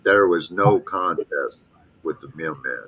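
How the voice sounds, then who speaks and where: A man's voice: extremely low pitch, animated, a little slow, muffled recording. A middle-aged man, chatting casually and saying dude and you know a lot. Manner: laid-back, peppers speech with dude and you know. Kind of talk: casual chat.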